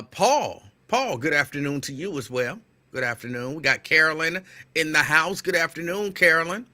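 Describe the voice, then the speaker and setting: A man hosts a live afternoon show, running through listener shout-outs with playful teasing. His voice is bright and forceful, sitting slightly high, and he gets loud when excited. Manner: animated, excitable, loud at times. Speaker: radio show host. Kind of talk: casual live-show chat greeting listeners.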